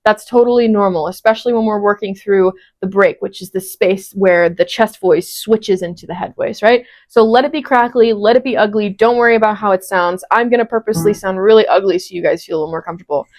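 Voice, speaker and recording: A woman's voice: mid-range voice, brisk, few pauses, a little mellow. A woman in her twenties teaching an online singing lesson, explaining step by step and encouraging with frequent check-ins. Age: 20s.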